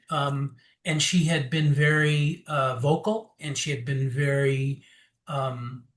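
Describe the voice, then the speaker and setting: A man with a voice on the high side appears as an interview guest and candidly recounts his personal recovery story. He's animated, acts out quotes, and fills his speech with fillers and restarts.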